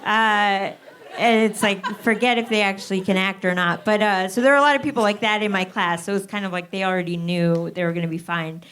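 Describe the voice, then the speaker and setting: Brief American woman comic, dry self-mocking storyteller, mid pitch, live podcast guest. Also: steady tone, fairly quick, a bit bright, slight background noise. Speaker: guest comedian.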